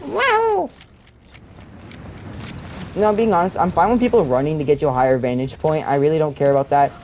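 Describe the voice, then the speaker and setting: A man's voice: on the high side, very fast, darkish tone, low-quality recording. A young man commenting on his own gameplay, rambling and complaining, with many fillers and restarts. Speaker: gamer. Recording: faint game noise and gunfire behind.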